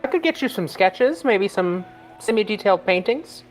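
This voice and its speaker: A woman's voice: medium pitch, animated, normal speed, soft background music. A woman playing a tabletop game, chatty and friendly. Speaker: player. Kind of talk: casual tabletop game play.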